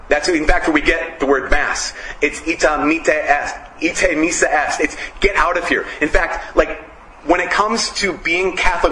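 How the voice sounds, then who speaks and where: A man giving a casual sermon, telling stories and hammering points with short repeated phrases. His voice is bright and forceful, a touch high. The church around him adds a roomy echo. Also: slight background noise. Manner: animated, storytelling, emphatic repetition. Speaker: preacher.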